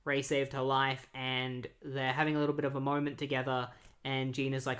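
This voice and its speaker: A man talks through a comic book plot as a casual reviewer. His telling is loose and chatty, packed with fillers and restarts. His pitch sits in a middle range. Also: flat delivery, brisk, fairly bright tone. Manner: filler-heavy, loose recap. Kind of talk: casual retelling of a comic story.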